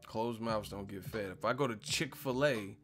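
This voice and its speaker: A man's voice: lowish voice, moderate pace, music in the background. A man hosting a casual live stream, ranting with profanity and disbelief, often laughing at his own points.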